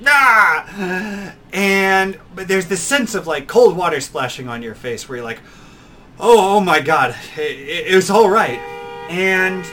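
A young man hosting a podcast, telling his own story in an earnest, animated way, often restarting and acting out quotes. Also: medium pitch, a little hiss or hum. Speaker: podcast host. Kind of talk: personal storytelling.

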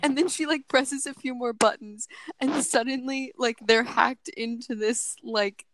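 A woman's voice: on the high side, steady tone, unhurried, fairly bright tone, no room sound, poor audio. A woman co-hosting a podcast, recapping a movie plot in a sarcastic, mocking way. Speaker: podcast co-host.

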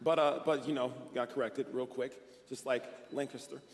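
A male pastor preaching a lively, conversational sermon, full of bursts of excitement, in a church sanctuary. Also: medium pitch, normal speed. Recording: echoey church hall.

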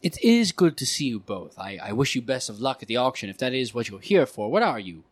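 A man's voice: medium pitch, sing-song, brisk, no echo. A man voicing a chatty, self-important woman collector in a tabletop game, breezy and theatrical. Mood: gushing.

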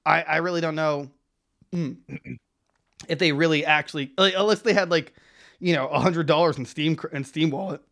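A man's voice: a little high, normal speed, vocal fry, pauses often, fairly bright tone. A man co-hosting a podcast, chatting casually and rambling with many restarts and laughs. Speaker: podcast co-host.

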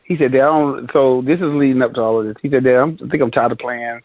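A man co-hosts a casual podcast, telling stories with plenty of laughter. His voice is a little husky and sits at a middle pitch. The recording is dry and narrow, like a phone line. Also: quick pace, dry recording. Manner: animated storyteller, laughs often. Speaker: podcast co-host. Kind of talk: casual chat. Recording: dry, thin phone-like sound.

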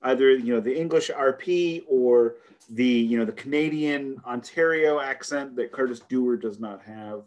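A man from the United States co-hosting a music podcast, talking in an animated, emphatic and joking way. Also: mid-range voice, normal speed. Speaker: podcast co-host. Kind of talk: casual podcast chat.

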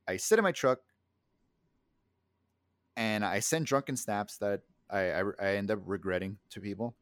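A man's voice: medium pitch, no room sound, clean studio sound. A young man co-hosting a podcast, telling a rambling, profane story with lots of acted-out quotes in casual chat. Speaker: podcast co-host.

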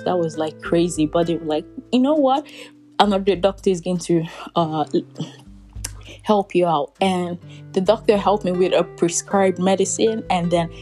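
A woman's voice: on the low side, darkish tone. A young woman vlogger telling a personal story in a casual, rambling way, full of "like" and little laughs. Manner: rambling, heavy use of "like", laughs between phrases.

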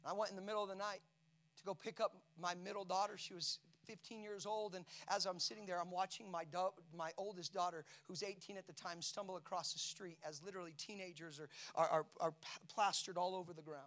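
A middle-aged male pastor telling an emotional story in a sermon, dropping to hushed tones and rising to shouts. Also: sits high, steady tone, brisk.

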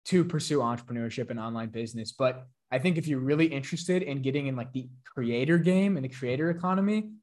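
A man's voice: medium pitch, quick pace, few pauses, a little mellow. A man from Chicago hosting a podcast, talking in an easygoing, chatty way. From Chicago, United States. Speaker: podcast host. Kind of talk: casual podcast chat.

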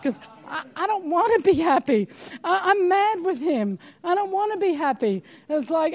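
A woman's voice: very high voice, big pitch swings, normal speed. An older woman preaching a sermon, emphatic and urging her listeners on with repeated calls of "come on.".

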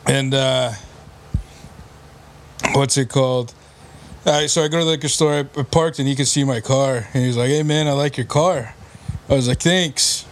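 A man's voice: mid-range voice, fairly even intonation, normal speed, pauses often, a little hiss or hum. A young man and podcast co-host telling a sheepish, laughing story in casual chat, swearing freely.

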